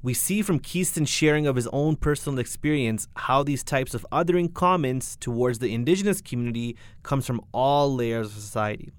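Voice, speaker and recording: A man reads scripted documentary narration in a calm, explanatory manner. His voice is plainly recorded, dry and close. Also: mid-range voice, a little fast, few pauses, clean tone, no room sound. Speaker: podcast narrator.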